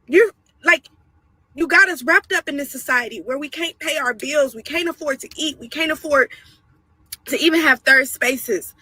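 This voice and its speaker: A woman's voice: high voice, moderate pace, sharp tone, no echo, rough recording. A woman speaking in an emotional online video, distressed and pleading. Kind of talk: emotional social-media video.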